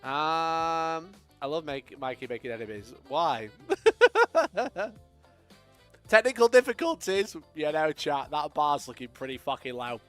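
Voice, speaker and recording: A man's voice: on the high side, lively intonation, unhurried, faint music behind. A young man from Sheffield, chatting casually to his live-stream audience, swearing freely and laughing often. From Sheffield, England. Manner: sweary, laughs often, swings loud and quiet.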